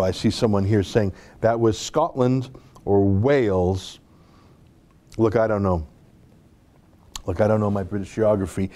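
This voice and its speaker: A man's voice: lowish voice, mellow. A man from North America hosting an online show, giving rambling, sarcastic casual commentary with many asides.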